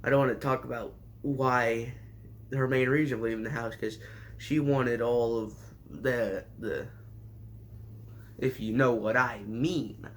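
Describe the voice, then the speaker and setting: A man's voice: mid-range voice, fairly even intonation, a little slow, slight background noise. A man casually recapping a show with sarcastic, rambling asides and mock surprise. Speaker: show reviewer.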